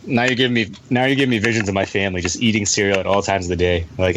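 A man's voice: fairly low pitch, steady tone, racing, few pauses. A man co-hosting a casual podcast, joking crudely and swearing freely. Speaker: podcast co-host. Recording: audible background noise and typing.

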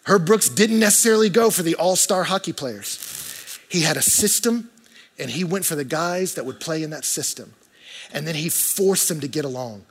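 American guy preaching in church, husky voice, pitched kinda high, chatty then loud. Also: lively intonation, moderate pace. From United States. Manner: conversational preaching with swings from hushed to loud. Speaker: pastor. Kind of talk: sermon.

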